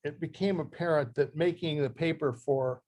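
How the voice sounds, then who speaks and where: An older man from Ohio, a guest speaker who reads from his memoir in a halting, heartfelt way and often restarts his phrases. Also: on the high side, darkish tone. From Ohio, USA. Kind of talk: talk reading from his memoir.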